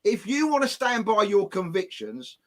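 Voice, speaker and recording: A man's voice: high voice, expressive, normal speed, fairly bright tone. A man hosting a live stream, telling stories in blunt, defiant, heavily profane casual chat. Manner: blunt, heavy swearing, defiant.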